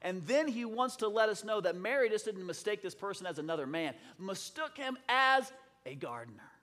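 A man preaching a sermon with a high voice, swinging from loud, impassioned calls to hushed, dramatic asides. The sound carries the long reverb of a big hall. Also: animated, normal speed. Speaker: pastor.

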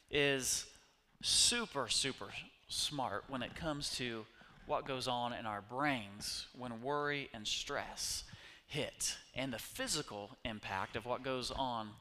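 A man preaching a sermon as pastor, his delivery swinging from hushed whispers to loud, urgent bursts. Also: medium pitch, long reverb tail.

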